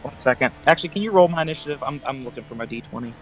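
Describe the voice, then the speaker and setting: Flustered, quick-talking man at a game table. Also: medium pitch, animated, faint music behind, low-quality recording. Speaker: player. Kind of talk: casual game chat.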